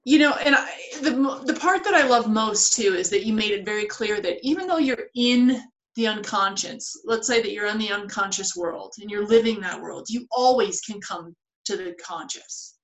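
A woman's voice: medium pitch, normal speed, fairly bright tone. A woman co-hosting a spiritual podcast, explaining ideas step by step in casual chat. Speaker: podcast co-host. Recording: roomy echoey audio.

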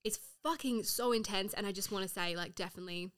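A woman's voice: mid-range voice, fast talker, fairly bright tone. A woman in her twenties hosting a casual solo podcast, chatty and swearing freely. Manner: chatty, frequent swearing and fillers. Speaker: podcast host.

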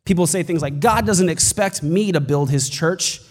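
A male pastor with a high voice delivers an emphatic sermon that climbs to shouted peaks. His words ring out with a long reverb, as from a large church hall. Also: moderate pace. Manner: emphatic preaching, building to shouts.

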